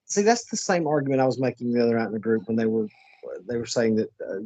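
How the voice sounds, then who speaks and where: A man's voice: mid-range voice, expressive, fast, warm tone, no echo. A man with a Southern US accent co-hosting a casual history podcast, hesitant with many fillers. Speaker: podcast co-host.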